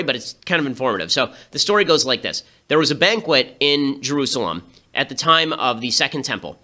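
A man hosting a podcast, delivering political commentary in a rapid, sarcastic, animated way. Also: medium pitch. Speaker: podcast host.

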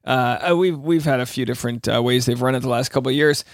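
A man's voice: mid-range voice, fast, dry recording, clean studio sound. A man hosting a casual podcast, chatty and joking with many fillers. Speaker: podcast host. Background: faint Celtic music.

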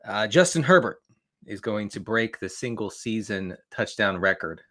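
A man talks fantasy football with excited energy, stumbling over his words and restarting often while he jokes along. His voice has a bright edge. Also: on the low side, normal speed. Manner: stammering restarts, excitable, joking. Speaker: podcast guest, fantasy football analyst. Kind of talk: casual chat.

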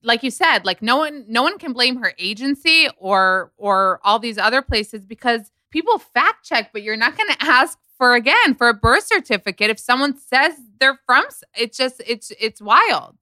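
Bright, crisp-voiced woman gossiping. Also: on the high side, normal speed, hardly any pauses, no echo. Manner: chatty, animated storytelling with quoted asides. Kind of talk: casual gossip chat.

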